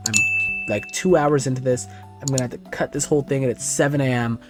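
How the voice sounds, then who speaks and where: A man's voice: medium pitch, fairly even intonation, fast talker, darkish tone, faint music behind. A tired young man giving frustrated, profane commentary on his football video game season as a gaming YouTuber. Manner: swearing, frustrated rambling. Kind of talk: casual gameplay commentary.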